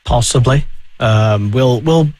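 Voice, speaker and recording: A man's voice: medium pitch, takes it slowly, a little mellow, no echo. A man hosting a casual motorsport radio chat, rambling and hesitant with lots of fillers. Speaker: radio show host.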